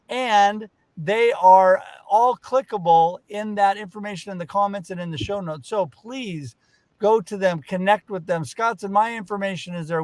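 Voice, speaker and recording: A man with a fairly high voice hosts a live online show from a video call. He speaks in an upbeat, effusive way. The sound is dry and close. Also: dry recording. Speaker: co-host. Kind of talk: casual live show chat.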